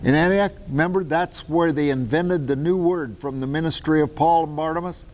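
A man preaching a Bible-teaching sermon, reading verses aloud and breaking in with his own asides, swinging between loud and soft. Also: fairly high pitch, moderate pace. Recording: long reverb of a large hall.

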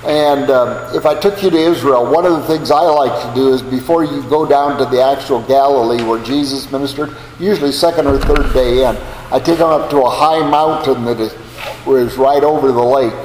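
A man's voice: medium pitch, normal speed, a little mellow. Older American man teaching in echoey hall. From United States. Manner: folksy storytelling with asides. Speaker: Bible teacher. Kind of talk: Bible class lecture. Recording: echoey hall, faint background hum.

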